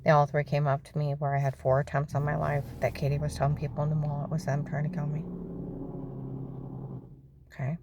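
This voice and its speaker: A woman's voice: low voice, monotone, fairly quick, long pauses, a little mellow, slight background noise. A middle-aged woman telling her own story in a testimony monologue, keeps asking "okay?" and often drops into a whisper.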